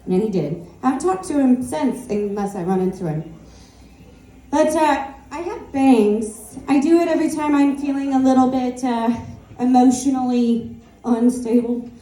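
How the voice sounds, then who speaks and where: High-voiced woman comic in a roomy room. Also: moderate pace, mellow. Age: 30s. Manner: conversational storytelling, acting out voices. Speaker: stand-up comedian. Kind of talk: stand-up comedy set. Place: comedy club stage.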